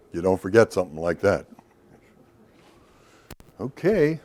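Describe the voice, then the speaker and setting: A middle-aged man with a low, darkish voice gives a workshop lecture to a professional audience, speaking in an unhurried, sing-song way with long pauses. He tells it loosely like a story, adding asides and putting questions to the listeners.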